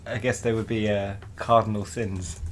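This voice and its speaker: A man co-hosting a casual comedy podcast, thinking out loud with lots of hesitant restarts. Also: lowish voice, level tone, moderate pace, heavy background noise. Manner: rambling, hesitant, restarts often. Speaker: podcast co-host.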